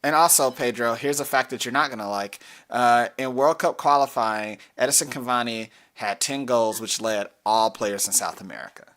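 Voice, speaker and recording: A man co-hosting a casual podcast, working through sports predictions at an unhurried pace. He rambles, stops to correct himself and scatters fillers as he goes. His voice sits at an ordinary pitch for a man. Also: a bit bright. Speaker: podcast co-host. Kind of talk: casual chat about soccer picks.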